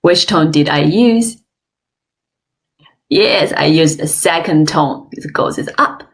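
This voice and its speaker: A woman teaching an online language class, modeling sounds slowly and with exaggerated tones, praising often. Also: sits low. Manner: slow, careful, exaggerated tone demonstrations; encouraging, frequent praise. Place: online webinar.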